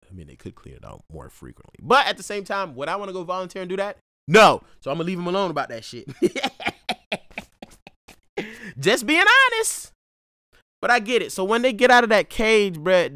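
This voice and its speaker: A man's voice: high voice, sharp tone, dry recording, studio quality. A man telling a rambling story in a laid-back casual monologue, full of slang and restarts. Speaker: vlogger.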